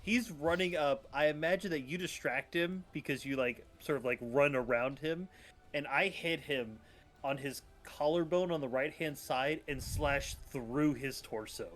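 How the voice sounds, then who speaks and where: A man playing a tabletop game who describes his character's moves hesitantly, with many pauses and fillers. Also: on the high side, a bit bright. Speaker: player.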